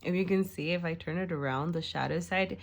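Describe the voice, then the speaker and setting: Low-voiced woman giving a rambling tarot reading. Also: fairly quick. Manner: rambling, hesitant, many fillers and rhetorical "right?"; apologetic, self-correcting. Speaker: tarot reader. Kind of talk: casual spoken tarot reading.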